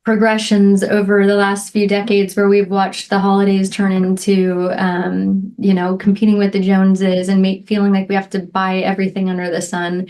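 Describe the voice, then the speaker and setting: A middle-aged woman hosting a solo podcast, speaking in a heartfelt, reflective way and often checking in with "right?" and soft "um" fillers. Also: medium pitch, monotone, normal speed, hardly any pauses. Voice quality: emotional, near tears at moments. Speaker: podcast host.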